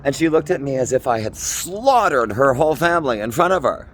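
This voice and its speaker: A man's voice: medium pitch, expressive, a little fast, a little hiss or hum. A man in his forties from Minnesota, doing a theatrical, rambling improvised comedy monologue while walking outdoors on city streets. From Minnesota, USA. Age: 40s. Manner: theatrical, campy, rambling jokes. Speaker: vlogger.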